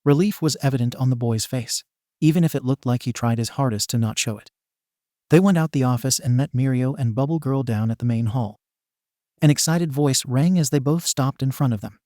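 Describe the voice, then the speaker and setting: Mellow-voiced man reading a story. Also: medium pitch, fairly quick, dry recording, clean studio sound. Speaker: narrator. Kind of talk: reading fan fiction aloud.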